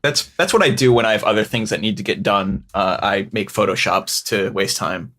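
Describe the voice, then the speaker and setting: A man's voice: on the low side, normal speed, a bit bright. A man with a slight upstate New York accent co-hosting a casual podcast in a wry, joking way. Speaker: podcast co-host.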